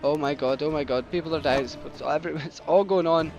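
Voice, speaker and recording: A man narrates his gameplay with excited, cursing asides and a slightly raised pitch. His mic sounds a bit dull, and game music plays clearly behind him. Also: fast. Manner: excitable, swears, talks to the screen. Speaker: host. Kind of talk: game commentary.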